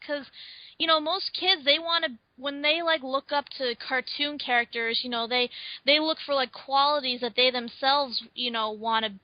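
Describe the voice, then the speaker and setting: High-voiced exasperated woman. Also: normal speed, no room sound. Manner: exasperated, emphatic, many fillers. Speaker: co-host. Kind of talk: casual film review chat. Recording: dull, dry lo-fi sound.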